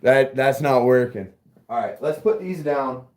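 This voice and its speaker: A man's voice: medium pitch, unhurried, darkish tone. A man hosting a casual livestream while working in a garage workshop, rambling and joking and swearing freely. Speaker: livestream host.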